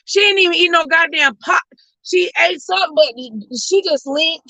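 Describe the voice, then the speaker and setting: Sassy woman ranting on her channel, high bright voice, loud, dry close mic. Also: normal speed, no echo, rough recording. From West Coast of the US. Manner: profane, loud, sassy, often shouting. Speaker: host. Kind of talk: ranting commentary.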